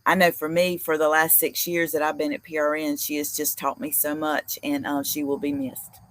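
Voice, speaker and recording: A woman's voice: low-pitched, flat delivery, moderate pace, a bit bright. A woman hosting a live recovery stream as a peer support host, teary and affectionate, rambling with many fillers. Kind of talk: casual live-stream talk.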